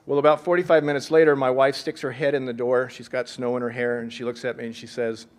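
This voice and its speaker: Middle-aged seattle guy telling a story at a talk, earnest and reflective, bit of humor, medium pitch. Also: little pitch movement, fast talker. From Seattle, USA. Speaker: speaker at a leadership event. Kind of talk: personal storytelling speech.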